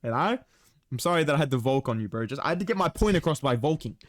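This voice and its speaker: A man's voice: fairly high pitch, expressive, quick pace, dry recording, studio quality. A man co-hosting a casual sports reaction chat, heated and profane as he rants. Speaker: podcast co-host.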